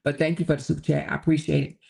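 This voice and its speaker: A woman's voice: low-pitched, level tone, rapid-fire, gravelly, warm tone. A woman, hosting a livestream and ranting in a profane, confrontational way, again and again asking whether you hear her. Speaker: livestream host. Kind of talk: heated livestream rant.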